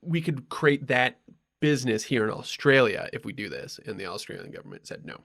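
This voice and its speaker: A man's voice: medium pitch, big pitch swings, fairly quick, fairly bright tone. A man hosting a podcast, telling a rambling story in casual chat, full of ums and asides. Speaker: podcast host.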